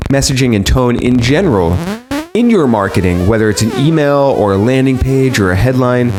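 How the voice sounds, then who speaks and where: A man's voice: medium pitch, a little mellow. A man hosting a podcast, introducing his guest and asking questions in a conversational, self-correcting way. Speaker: podcast host.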